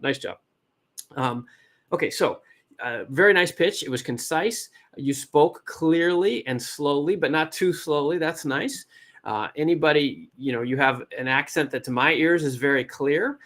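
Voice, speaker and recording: A man with a West Coast American accent giving casual, encouraging feedback on a startup pitch. He talks in a chatty way and often breaks off and restarts his sentences. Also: a bit bright. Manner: chatty, encouraging, self-interrupting. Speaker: startup advisor and event host.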